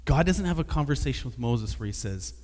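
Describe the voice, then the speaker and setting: A man preaching a sermon, telling a story with lively, animated delivery. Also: medium pitch, a little fast, in a large hall. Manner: animated storytelling, acting out dialogue. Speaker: pastor.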